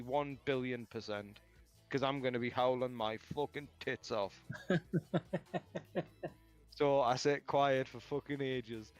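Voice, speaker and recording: A man streaming a game, telling a story in casual chat, animated, laughing often and swearing a lot into a headset mic. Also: mid-range voice.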